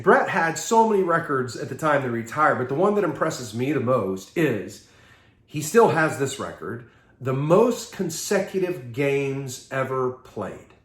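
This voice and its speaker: A man giving a seminar talk, telling lively anecdotes with chuckles and acting out what people said. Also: medium pitch, roomy sound. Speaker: seminar speaker.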